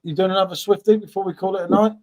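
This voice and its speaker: An English man chatting casually over beers, talking fast and swearing now and then. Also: sits high, steady tone, darkish tone, no echo.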